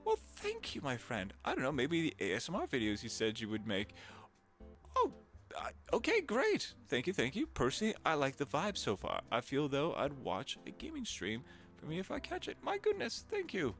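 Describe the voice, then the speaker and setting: A male voice actor chatting casually on a live stream, animated and talkative, laughing often. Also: a little high, moderate pace, faint music behind.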